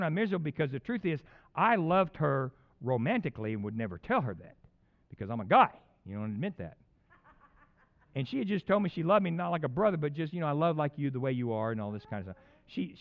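A male pastor telling a personal story in a sermon, swinging between loud bursts and hushed asides. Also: a little high, dull audio.

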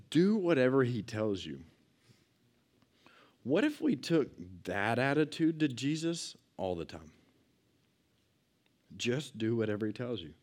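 A man teaching a youth Bible lesson in a chatty, animated way, acting out the lines he quotes. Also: medium pitch.

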